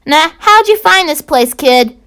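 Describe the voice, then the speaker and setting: A woman voicing a gruff, sulky male dog in a fan-read story, curt and defensive. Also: high-pitched, lively intonation, unhurried, fairly bright tone, full character voice.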